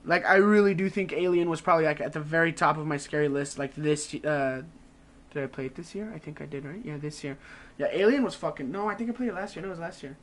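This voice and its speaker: A man's voice: fairly high pitch, quick pace, fairly bright tone. A man live-streaming a game, chatting casually with his viewers, rambling, laughing and swearing, with "like" in almost every sentence. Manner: rambling, swears a lot, laughs often, says "like" constantly. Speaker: gaming streamer.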